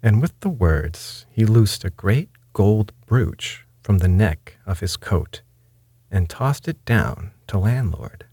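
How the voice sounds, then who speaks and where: A man reading a classic ghost story aloud in a measured, wry first-person narration. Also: fairly low pitch, expressive, dark tone, breathy edge, no echo.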